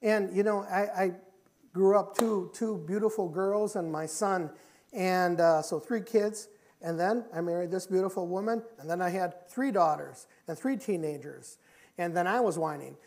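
A middle-aged man preaching a sermon in a church. He talks emphatically, repeats his key phrases, and moves between loud and quiet passages. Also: high voice, normal speed. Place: church sanctuary.

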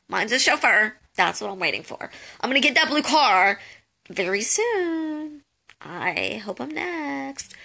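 A young woman hosts a social media tips call, offering casual advice live in a chatty, jokey way packed with "um" and "like." Her medium-pitched voice is creaky with a sharp tone.

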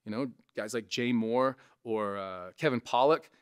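A man with a resonant voice, a comedian casually teaching impressions to camera, animated and conversational. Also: mid-range voice, unhurried, smooth. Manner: animated, conversational, frequent "right?" asides. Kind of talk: casual instructional talk to camera.

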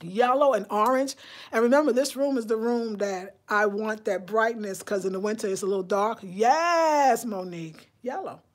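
A chatty woman talks to her viewers on a casual live stream from inside her home. She keeps it lively and personal, and she asks them questions as she goes. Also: mid-range voice, normal speed. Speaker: vlogger.

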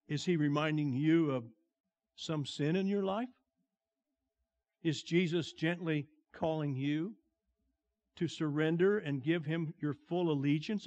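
Slow, deliberate high-voiced male preacher. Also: highs cut off. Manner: slow, deliberate preaching that drops to a hushed tone and swells on emphasis. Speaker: pastor. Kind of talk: sermon.

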